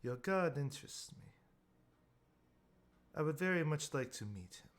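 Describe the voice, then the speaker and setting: A man's voice: fairly high pitch, animated, unhurried, voice pushed up. A man voicing a scheming male sphinx who fawns over his lord in formal, servile speech. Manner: fawning, formal.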